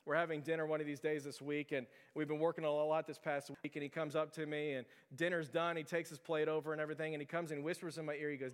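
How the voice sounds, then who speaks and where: A man's voice: a little high, little pitch movement, fast talker, clear, resonant tone. A man in his thirties preaching a casual, story-driven sermon, chuckling as he talks. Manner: storytelling, conversational, chuckles often. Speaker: pastor. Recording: long reverb of a hall.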